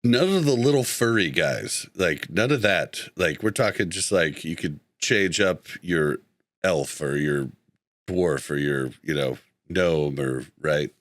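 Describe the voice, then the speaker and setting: A man's voice: rumbling low, animated, slow pace, fairly bright tone, no room sound, studio quality. A man hosting a podcast in casual chat, reading out live chat and easily sidetracked, with an easygoing manner. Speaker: podcast host.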